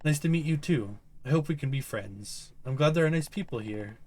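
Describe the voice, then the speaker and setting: Shy sorry-sounding kid, read by a guy, slowish. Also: on the high side, animated, a little hiss or hum, natural voice. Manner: soft, apologetic, rambling. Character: timid, upset young boy patient.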